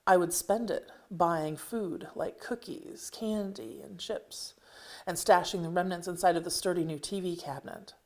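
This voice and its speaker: A woman reading her own personal memoir aloud in a measured way, with occasional wry asides. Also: on the low side, darkish tone.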